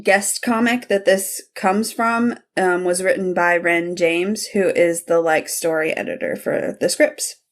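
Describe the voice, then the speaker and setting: Woman podcaster, gushy and excited, walking thru the episode scene by scene. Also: lowish voice, a little slow, hardly any pauses. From United States. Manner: enthusiastic, gushing storyteller. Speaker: podcast co-host. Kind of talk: casual chat recapping a TV episode.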